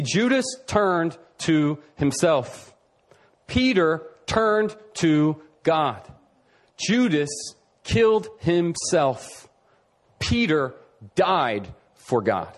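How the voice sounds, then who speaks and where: A man preaching a sermon, animated, shifting between quick runs and slow emphatic lines, sometimes dropping soft and low to act out quoted speakers. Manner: acts out quoted voices, drops to a soft low tone.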